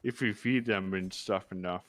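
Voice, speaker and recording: A man's voice: sits low, steady tone, normal speed, a bit bright, no room sound. A man chatting casually as a fellow player, offhand and laid-back. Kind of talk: casual gaming chat.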